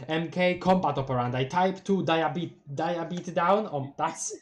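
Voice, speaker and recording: On a live read-along, a streamer with a Polish accent reads a webcomic's captions aloud, then breaks off to react expressively with laughs and exclamations. The voice is medium-pitched, with a measured pace and few pauses.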